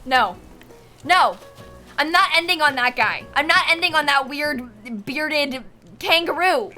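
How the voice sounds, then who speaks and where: A woman live-streamer chatting to herself as she plays. Her voice sits high and sounds bright and sharp. She comes across as exasperated, laughing often, with soft music underneath. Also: animated, takes it slowly. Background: faint background music.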